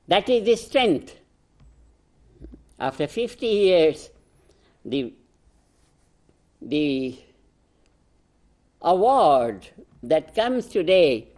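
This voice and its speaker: An older man with an Indian accent, speaking as a spiritual teacher in a slow, emphatic address, repeating key phrases and laughing softly between points. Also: on the high side. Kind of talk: proclamatory address.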